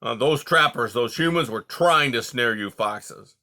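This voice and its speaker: A man doing a gruff, snappish old porcupine. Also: mid-range voice, expressive, unhurried. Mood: grumpy. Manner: gruff, snappish, louder than the narration. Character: grumpy old male porcupine, sharp-tongued.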